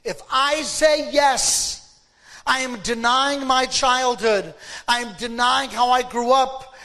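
A rabbi gives a sermon, telling a story in a dramatic and emphatic way. His voice sits quite high for a man. He moves slowly, letting each phrase land. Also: fairly bright tone.

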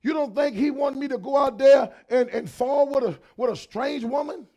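A pastor in his fifties preaching a sermon, swinging between shouted lines and quieter talk, with lots of repetition. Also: very high-pitched, normal speed. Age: 50s.

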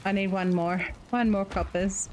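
A woman's voice: medium pitch, fairly even intonation, normal speed, darkish tone, a little hiss or hum, poor audio. A woman with an Australian accent chatting and laughing while she organizes friends in a multiplayer game. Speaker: gamer on a multiplayer stream. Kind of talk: casual gaming chat.

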